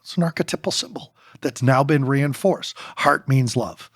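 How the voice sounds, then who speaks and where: A man co-authoring a book, talking in an animated way in a podcast discussion and firing off rapid rhetorical questions. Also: medium pitch, dry recording, clean studio sound. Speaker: co-author and speaker.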